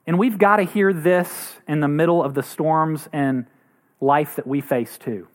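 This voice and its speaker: A man preaching a sermon as pastor, earnest, acting out quoted voices now and then. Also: measured pace. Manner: earnest, acts out quoted voices with rising pitch.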